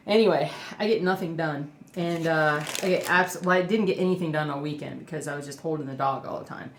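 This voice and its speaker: Casual home vlogger, woman, low voice, rambly with fillers, coos at her dog, roomy echo. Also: brisk, few pauses. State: emotional, near tears. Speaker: cross stitch vlogger. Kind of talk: casual chat to camera. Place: indoors at home.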